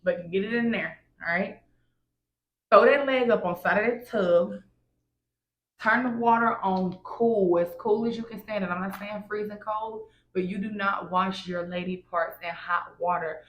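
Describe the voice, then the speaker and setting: A woman's voice: lowish voice, a little hiss or hum. A woman vlogger giving hygiene tips in a casual, blunt, insistent way, often checking in with "all right?". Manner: emphatic, repeats "all right?" and "wash, wash". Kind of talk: casual instructional vlog. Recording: echoey room, faint ambience.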